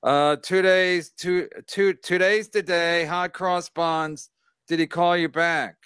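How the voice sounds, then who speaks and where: Man, podcast host, rambling and profane, bright edgy voice, smooth clear tone. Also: high-pitched, fairly even intonation, slow pace, no echo, clean studio sound. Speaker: show host. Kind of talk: casual podcast chat reading chat comments.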